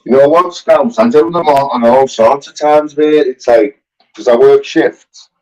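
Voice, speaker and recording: A man's voice: medium pitch, moderate pace. A man with a Scouse accent, chatting in a laid-back, rambling way. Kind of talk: casual chat. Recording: dull lo-fi audio.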